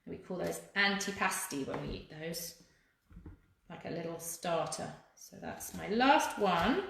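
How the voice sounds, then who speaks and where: A woman's voice: fairly low pitch, expressive, measured pace, creaky, a bit bright, heavy reverb, a little hiss or hum. A woman leading a live cooking demonstration for children, chatty and encouraging as she talks to viewers while she works. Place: kitchen.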